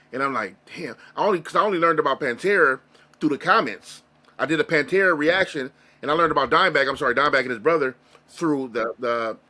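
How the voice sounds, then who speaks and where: Casting: male interview guest, higher pitch, forceful bright tone, earnest and rambling. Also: slightly rough. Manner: earnest, rambling, emotional storytelling with many restarts. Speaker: interview guest, music reaction creator. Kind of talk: casual interview conversation.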